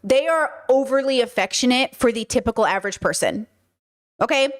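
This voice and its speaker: A woman's voice: fairly high pitch, expressive, fairly quick. A woman hosting a podcast, giving frank, casual commentary full of "like" and "okay" and the odd swear word. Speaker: podcast host reacting to clips.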